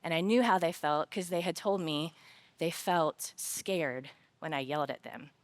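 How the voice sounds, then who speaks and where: A woman's voice: low-pitched, unhurried. Woman telling a story in a faith talk. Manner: storytelling, lively personal anecdotes told with humor; earnest and reflective when drawing the lesson. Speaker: conference speaker. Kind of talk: faith-based workplace talk. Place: conference stage.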